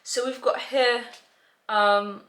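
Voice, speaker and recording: A woman's voice: fairly high pitch, fairly even intonation, takes it slowly, fairly bright tone. A woman tutor explaining to parents how to prepare children for reading exams, talking in a chatty way full of "um" and "you know". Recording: roomy echo.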